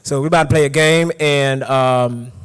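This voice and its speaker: A young man from Ghana hosting a conference game session, energetic and joking, talking to a live audience. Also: mid-range voice, moderate pace, clean tone, in a large hall. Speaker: session host. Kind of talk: hyped conference game host. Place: conference hall.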